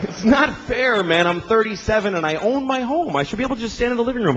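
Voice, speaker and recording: A man's voice: expressive, fast, dull audio, noisy background. A man in his forties doing a profane, exasperated, self-deprecating stand-up routine, swinging into quoted voices. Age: 40s. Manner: acts out quoted voices with big pitch swings. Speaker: stand-up comedian.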